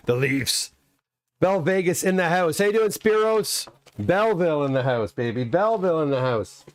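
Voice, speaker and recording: A man's voice: fairly high pitch, lively intonation, moderate pace, dry recording. A middle-aged man from Canada hosting a casual live stream, chatting in a rambling way and reading comments aloud. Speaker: livestream host unboxing graded comics.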